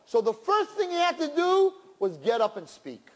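A man, a rabbi, giving an animated sermon to young people, sprinkling in Yiddish and Hebrew terms and swinging between loud and hushed. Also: very high voice, moderate pace, big-room sound.

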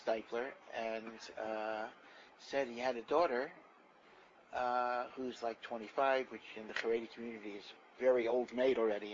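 Animated older man teaching a Torah class. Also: mid-range voice, highs cut off, slight background noise. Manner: animated storyteller, repeats himself. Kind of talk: lecture-style Torah class.

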